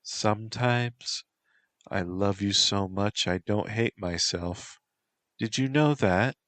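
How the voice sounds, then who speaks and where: A man voicing a clingy, self-loathing young woman who speaks in a breathy, pleading whisper. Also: on the low side, takes it slowly, a bit bright, no room sound, pitched above the performer's own voice. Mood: wistful.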